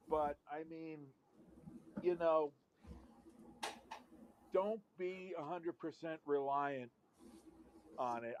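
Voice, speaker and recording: A man's voice: on the high side, lo-fi sound, a little hiss or hum. A man on a live call-in show, rambling wryly in casual chat and swearing now and then.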